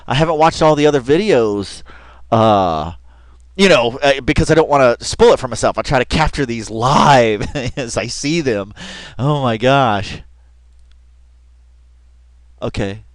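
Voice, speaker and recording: A rambling man commenting on a video, his mid-pitched voice leaping high and dropping low as he goes. He trips over restarts and fillers and keeps breaking into laughter. The sound is close and dry, with no echo around him. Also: lively intonation, a little slow, pauses often. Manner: laughs often while talking. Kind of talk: casual reaction commentary.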